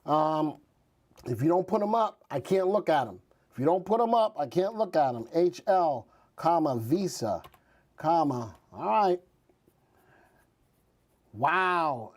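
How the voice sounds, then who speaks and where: A man's voice: fairly high pitch, darkish tone. A male host giving live, chatty commentary on stock charts and reading out viewers' ticker requests. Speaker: market news host.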